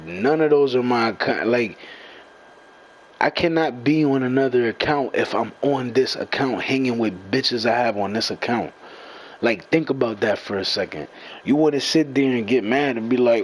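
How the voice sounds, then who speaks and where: A man's voice: medium pitch, normal speed, slightly rough, low-quality recording. A young man in an angry, profane rant, repeating himself and confronting the people talking about him. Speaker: gamer venting to followers.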